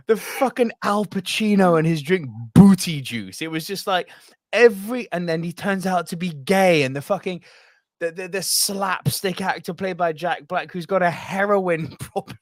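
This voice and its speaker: A man co-hosting a movie podcast, talking in an excited, animated way and swearing often. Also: high-pitched, no room sound, clean studio sound. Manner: animated, swears a lot, acts out film quotes. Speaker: podcast co-host. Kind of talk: excited casual chat.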